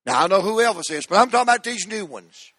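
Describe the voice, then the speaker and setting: A man's voice: high-pitched, expressive, quick pace, no room sound, studio quality. A man pastor, preaching a sermon and calling the congregation to repeat words after him. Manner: call-and-response preaching, rising to shouts.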